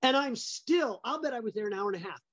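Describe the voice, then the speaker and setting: A man's voice: extremely high pitch, animated, fast talker, fairly bright tone, no room sound. Man, middle-aged, business founder, interview guest, emphatic, repeats words, dry sound, slightly muffled.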